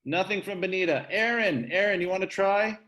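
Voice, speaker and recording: A man's voice: high voice, brisk, a bit bright. A man teaching an online class over a video call, coaxing his students to read aloud in an upbeat way.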